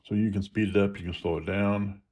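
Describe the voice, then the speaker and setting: A man with a fairly low voice talks through phone settings one step at a time. His delivery is relaxed and conversational, with the odd restart as he explains. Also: fairly quick. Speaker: video creator demonstrating phone settings. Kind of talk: casual screen-reader tutorial.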